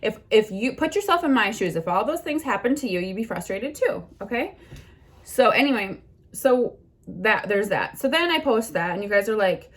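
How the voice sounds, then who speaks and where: A woman's voice: a little high, lively intonation, normal speed. Blunt, indignant woman ranting. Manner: blunt, indignant, heavy swearing. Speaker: vlogger. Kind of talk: defensive rant to camera.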